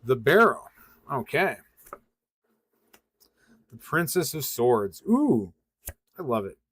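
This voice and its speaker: Relaxed rambling man doing tarot readings. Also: mid-range voice, slow pace, husky, no room sound. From western Massachusetts. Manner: relaxed, rambling, many ums and uhs. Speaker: tarot reader hosting a livestream. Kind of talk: casual livestream tarot reading.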